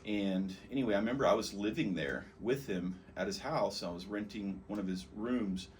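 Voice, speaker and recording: Texan guy rambling thru a story on his podcast, lowish voice, mic kinda far off w noise behind. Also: normal speed, darkish tone. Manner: conversational, rambling, with fillers. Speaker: podcast host. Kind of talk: casual personal storytelling. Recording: distant mic with background noise.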